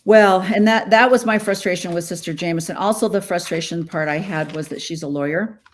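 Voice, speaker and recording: A woman's voice: fairly low pitch, brisk, slight background noise. A woman speaking wryly and with animation in a casual panel discussion. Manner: wry, animated, mocking mimicry. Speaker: podcast panelist.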